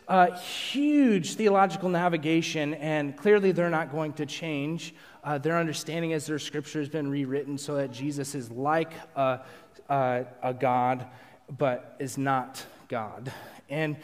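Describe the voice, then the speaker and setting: A man preaching to a live congregation, telling a self-deprecating personal story in an animated way. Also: on the high side. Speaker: pastor. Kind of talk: storytelling sermon. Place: large hall with a live audience. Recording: long hall reverb.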